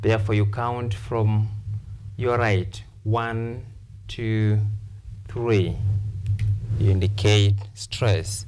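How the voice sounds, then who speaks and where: A man's voice: on the low side, steady tone, very slow, long pauses, darkish tone, slight background noise. A man teaching English on a TV lesson, repeating key phrases and counting syllables aloud. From Kenya. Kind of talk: TV lesson, slow repetitive explanation. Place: TV classroom studio.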